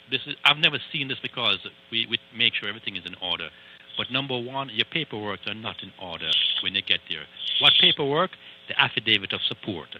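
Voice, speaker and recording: A man's voice: fairly low pitch, bright, forceful tone, muffled recording, a little hiss or hum. A man who is an immigration attorney, giving emphatic, lecturing advice on a call-in radio show and repeating points for stress.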